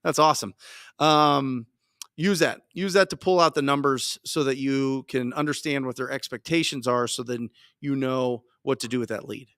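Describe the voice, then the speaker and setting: A man hosting a live Q&A, coaching his listeners in an energetic, emphatic way and repeating his key points. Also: medium pitch, moderate pace, no echo, studio quality. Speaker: podcast host and wholesaling coach.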